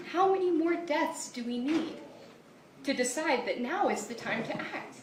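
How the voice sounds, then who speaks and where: A woman giving prepared testimony as an advocate at a hearing, firm and urgent with measured emphasis. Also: a little high, slight background noise. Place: large legislative hearing room. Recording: echoey room, far from the mic.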